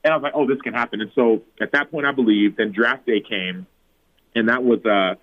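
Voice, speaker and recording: A man in his thirties, a former pro football player, telling a personal story as a podcast guest and acting out his own past words. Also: fairly quick. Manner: animated, acts out his own past words with big pitch jumps. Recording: phone-like narrow audio.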